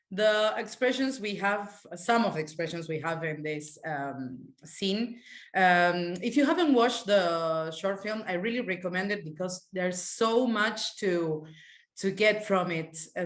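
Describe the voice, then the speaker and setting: A woman teaching a live online language class, explaining slang in a relaxed, halting way. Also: medium pitch. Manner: relaxed, explanatory, hesitant with fillers. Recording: echoey room.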